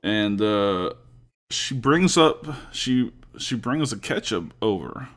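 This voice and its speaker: Male podcast co-host, lowish voice, easygoing storyteller. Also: lively intonation, takes it slowly. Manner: laid-back storyteller, laughs often. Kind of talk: casual podcast chat.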